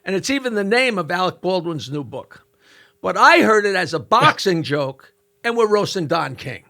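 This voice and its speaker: An older man who tells jokes for a living spins a long story with quick asides, his voice sitting high and sounding bright and sharp. He talks casually as a podcast guest, hitting each point hard. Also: vocal fry. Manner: animated joke-telling with quick asides. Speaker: comedian guest.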